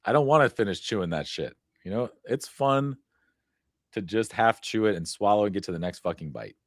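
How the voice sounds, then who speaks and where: Blunt, lower-voiced man chatting. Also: animated, brisk, no room sound, studio quality. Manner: blunt, profane, laughs often. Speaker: podcast co-host. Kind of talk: casual chat.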